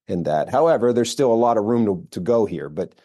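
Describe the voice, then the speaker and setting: An American man, middle-aged, a firearms instructor telling his story in a relaxed interview, rambling with fillers and restarts. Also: lowish voice, fairly quick. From United States. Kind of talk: casual interview talk.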